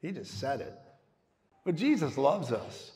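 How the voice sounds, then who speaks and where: A man preaching a sermon, telling the story in an animated way and acting out the dialogue with sudden swings in loudness. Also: on the high side, a little slow, big-room sound.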